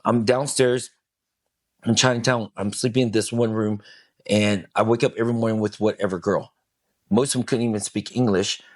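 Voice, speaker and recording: A middle-aged man, a podcast guest, telling a personal story in casual talk, swearing freely and acting out what people said in a raised, animated voice. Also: fairly low pitch, moderate pace, no echo, studio quality. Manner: animated, swears, acts out quoted lines in a raised voice.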